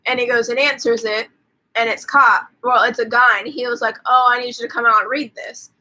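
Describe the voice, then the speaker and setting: A woman with a bright, somewhat high voice hosts a casual live stream. She retells a movie scene by scene, piling on fillers like "like" and "um" and acting out characters' lines in quotes. Her talk is loose and offhand, with casual swearing. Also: steady tone, fairly quick, rough recording. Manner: rambling storytelling with many fillers and quoted dialogue. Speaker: host.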